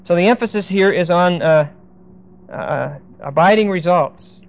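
Man teaching a Bible lesson, deliberate. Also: high-pitched, vocal fry. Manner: deliberate, emphatic, pauses to look up verses. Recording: dull lo-fi recording.

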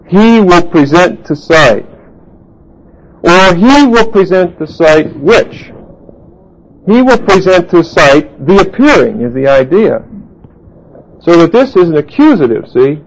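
Gravelly man teaching Bible Greek. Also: on the high side, poor audio. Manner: deliberate, explanatory, spells out Greek words, writes on a board. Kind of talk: Bible study lecture.

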